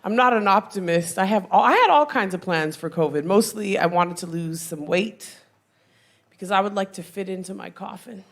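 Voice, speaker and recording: A woman's voice: medium pitch, normal speed, vocal fry. A woman comedian doing a brash, profane stand-up set on a comedy club stage with a handheld mic. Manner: brash, profane, punchy delivery. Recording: noisy live club recording.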